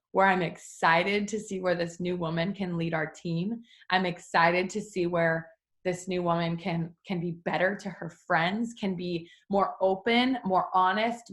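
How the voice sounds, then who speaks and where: A young woman leading a team, talking casually and openly to her listeners, often saying "like" and restarting sentences, and jumping high in pitch when she acts out her own thoughts. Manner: frequent likes and restarts, addresses listeners as you guys. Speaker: team leader.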